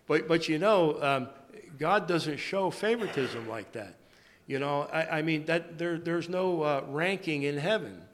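A man giving a sermon in a halting way, often repeating and restarting his words. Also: fairly high pitch, a little hiss or hum. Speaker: preacher. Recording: long hall reverb.

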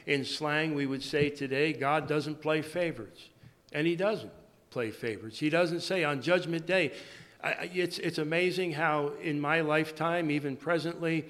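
A man giving a sermon in a halting way, often repeating and restarting his words. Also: fairly high pitch, fairly bright tone. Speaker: preacher. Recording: long hall reverb.

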